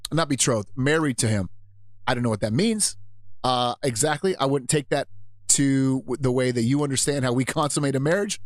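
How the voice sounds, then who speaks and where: A man's voice: mid-range voice, normal speed, no echo. A man hosting a live radio show, rambling casually and jokily about faith and his marriage, often laughing at himself.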